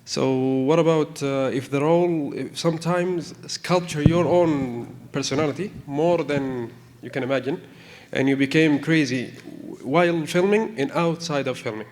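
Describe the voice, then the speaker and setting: A man's voice: on the high side, normal speed, few pauses, darkish tone. A man in the audience asking the panel a question. He talks hesitantly and searches for his words. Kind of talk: question from the floor.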